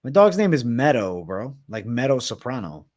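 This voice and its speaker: Young man, from Massachusetts, livestream host, casual chat, constant swearing, mid-pitched voice. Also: big pitch swings, normal speed, darkish tone. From Massachusetts, USA. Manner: loose and profane, swears constantly. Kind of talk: casual livestream chat, reading viewer comments.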